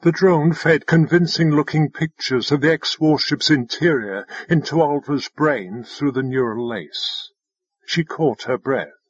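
A man reading scripted fiction narration in a measured storytelling manner. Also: on the high side, breathy edge, no echo, dull audio. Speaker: audiobook narrator.

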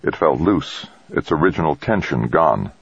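Very deep husky male narrator. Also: lively intonation, normal speed, no room sound, highs cut off. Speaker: audiobook narrator. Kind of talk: scripted narration.

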